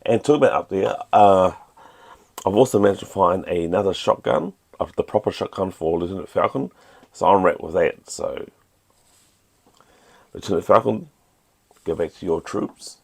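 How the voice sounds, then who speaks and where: Host, New Zealand accent, middle-aged man, low gravelly tone, casual self-deprecating hobby vlog delivery. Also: moderate pace, pauses often. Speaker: toy collector channel host.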